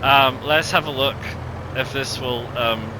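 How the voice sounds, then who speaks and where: A man's voice: medium pitch, steady tone, unhurried, noisy background. A man giving casual, rambling gameplay commentary, with lots of ums and self-corrections. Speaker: gaming video host.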